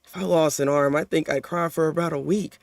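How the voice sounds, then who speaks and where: A man giving a live reaction commentary on a manga chapter, slangy and animated, often stammering and repeating words. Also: fairly high pitch, fairly quick, gravelly, dry recording.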